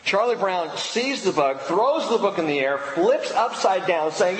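A man's voice: sits high, sing-song, a little hiss or hum. Man preaching in an echoey church. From United States. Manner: emphatic, with dramatic pauses on key words. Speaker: pastor. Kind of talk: sermon. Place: church sanctuary. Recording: echoey hall with long reverb.

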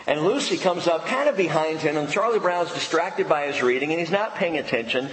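A man preaching a sermon in a church, emphatic, pausing dramatically on key words. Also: a little high, lively intonation, a bit bright. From United States. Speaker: pastor. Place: church sanctuary. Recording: echoey hall with long reverb.

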